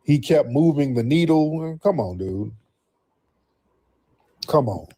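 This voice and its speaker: A man's voice: medium pitch, animated, slow pace, warm tone. A man hosting a call-in livestream, talking bluntly and mocking his callers. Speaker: livestream host. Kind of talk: livestream commentary.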